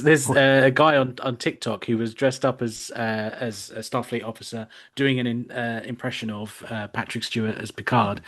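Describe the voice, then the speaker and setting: A man's voice: mid-range voice, fairly bright tone. A man co-hosting a casual podcast, telling a story in a rambling way with fillers. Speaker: podcast co-host. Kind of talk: casual chat.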